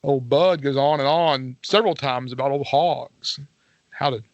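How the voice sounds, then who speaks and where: A man's voice: medium pitch, unhurried, no echo, lo-fi sound. A man co-hosting a casual film discussion, rambling with frequent restarts and repeated words. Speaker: film club co-host.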